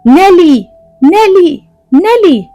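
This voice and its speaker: A woman voicing a quiet, patient young husband who speaks tenderly. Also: high-pitched, sing-song, moderate pace, dry recording, faint music behind. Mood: calling. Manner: tender and soft, calling out.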